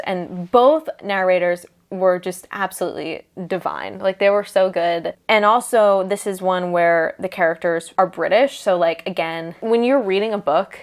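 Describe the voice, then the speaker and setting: Chatty young woman, low voice. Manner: chatty, filler-heavy, many "like"s. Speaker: book vlogger. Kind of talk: casual chat to camera.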